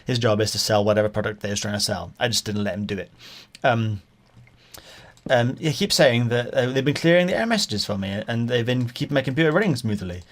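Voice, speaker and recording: Guy rambling fast over a game, mid-pitched, mutters to himself then tells stories. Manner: rambling, chatty, mutters while playing. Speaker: gaming podcaster. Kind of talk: casual gaming commentary and storytelling.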